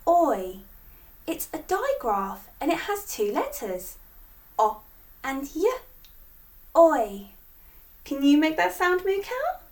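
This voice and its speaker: High, sing-song children's teacher woman. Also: very animated, measured pace, distant mic. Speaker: phonics teacher and host. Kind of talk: children's phonics lesson.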